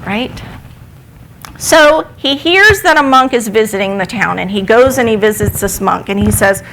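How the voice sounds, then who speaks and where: At a church service, a woman tells a parable in her sermon conversationally, asking her congregation questions. Her mid-range voice is fairly bright with lively intonation at a moderate pace, on a rough recording with a little hiss or hum.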